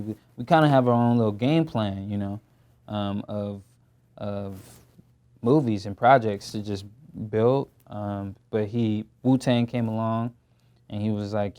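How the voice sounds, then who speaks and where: At a measured pace and on the low side, a man in his twenties speaks as an actor guest in a studio interview. His talk is casual, relaxed, and slangy, packed with fillers.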